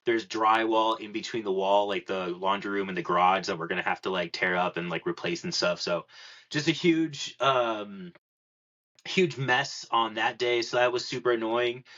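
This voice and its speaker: Chatty man with a bright voice. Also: fairly low pitch, normal speed, highs cut off. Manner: rambling storyteller, heavy filler words. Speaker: podcast guest. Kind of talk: casual podcast chat.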